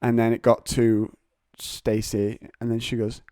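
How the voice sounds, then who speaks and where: A man's voice: medium pitch, monotone, measured pace, hardly any pauses, warm tone, clear, resonant tone, no room sound, clean studio sound. An English man hosting a casual solo podcast from home, rambling and digressive with self-mocking humour. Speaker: podcast host. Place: home, on a couch.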